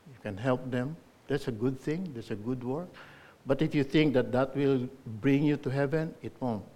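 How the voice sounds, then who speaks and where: Male preacher, mid pitch, earnest sermon with emphatic swells and quiet drops. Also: moderate pace. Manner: earnest exhortation with emphatic rises and soft drops.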